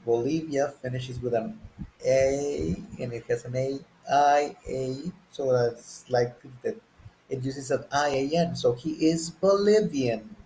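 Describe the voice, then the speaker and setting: A man's voice: mid-range voice, unhurried, dark tone, a little hiss or hum, rough recording. A man teaching a beginner English lesson, speaking patiently and asking learners to guess and repeat words after him.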